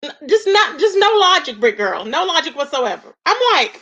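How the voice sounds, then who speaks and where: Woman live-stream host, high voice, sassy and exasperated, dull lo-fi audio. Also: big pitch swings, a little fast, sharp tone. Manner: sassy, exasperated, rhetorical, greets chat viewers with endearments.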